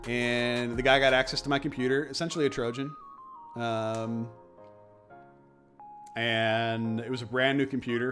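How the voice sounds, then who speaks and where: A man talks straight to his stream viewers from his home office, swearing freely and pressing his points hard as he tells a story. His pitch sits in the middle for a man. Faint music plays underneath. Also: a bit bright. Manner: profane, emphatic storytelling. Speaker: crypto streamer. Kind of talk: casual livestream chat.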